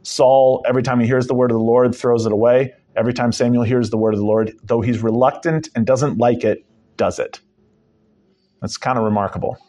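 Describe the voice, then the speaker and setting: Male preacher, casual Bible-study sermon delivery, emphatic with wry asides, average pitch. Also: steady tone, a little fast, mellow. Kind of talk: conversational sermon, Bible teaching.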